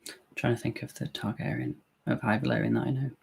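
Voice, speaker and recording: A man's voice: mid-range voice, fairly even intonation, fast, creaky, slightly rough. A man in his thirties casually commenting during a live movie watch-along, thinking aloud and swearing freely.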